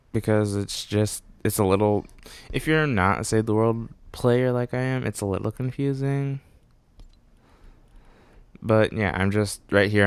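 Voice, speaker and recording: A man's voice: on the low side, creaky, clean tone, no echo. A man giving a rambling, self-correcting voice-over commentary on his gameplay, speaking offhand as a gaming channel host. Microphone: desktop mic.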